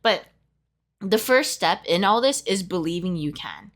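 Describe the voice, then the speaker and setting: A woman's voice: fairly low pitch, lively intonation, a little slow, a bit bright. A young woman giving a casual tarot reading, talking in a heartfelt, emotional way with lots of fillers. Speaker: tarot reader.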